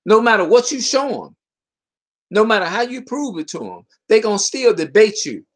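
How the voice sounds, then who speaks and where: High-voiced man preaching at his viewers. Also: big pitch swings, normal speed. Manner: preachy, hammers repeated rhetorical questions; stumbles and restarts mid-sentence. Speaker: video commentator. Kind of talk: impassioned spoken monologue to viewers.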